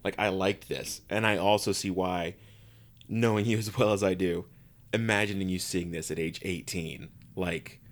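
A man co-hosting a podcast, chatting in a relaxed, rambling way full of "like". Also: sits low, normal speed. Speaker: podcast co-host. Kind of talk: casual chat about a movie.

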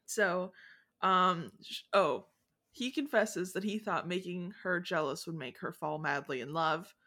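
A woman's voice: lowish voice, unhurried, a bit bright. Giggly woman hosting a book podcast. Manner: giggly, filler-heavy retelling. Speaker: podcast host. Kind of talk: casual chat.

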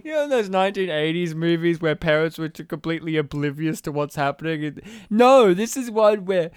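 A podcast co-host in casual film-review chat, lively and laughing, acting out scenes while retelling them. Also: medium pitch, normal speed, clear, resonant tone, no echo, clean studio sound. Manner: animated, laughing, acts out scenes.

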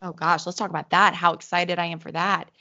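A woman co-hosting a podcast in casual, excitable chat, her voice a little hoarse from illness, laughing often. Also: fairly low pitch, fairly quick, highs cut off. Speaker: podcast co-host.

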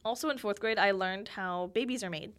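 A woman's voice: mid-range voice, a little fast, a bit bright. A young woman hosting her own podcast, telling childhood stories in a chatty, giggly way and acting out quoted voices. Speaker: podcast host. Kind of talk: casual solo storytelling.

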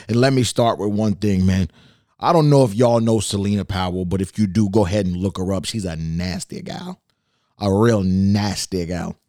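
A man hosting a casual solo podcast from his bedroom, energetic and swearing constantly. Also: lowish voice, dry recording, clean studio sound. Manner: energetic, swears a lot, jumps between hype and mock sadness. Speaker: podcast host.

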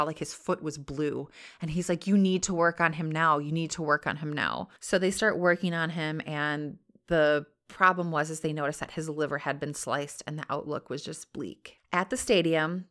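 A woman on a podcast retelling a true story in casual chat, full of "like" fillers and acted-out quotes. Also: deep voice. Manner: chatty, many "like" fillers, acts out quotes. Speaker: podcast host.

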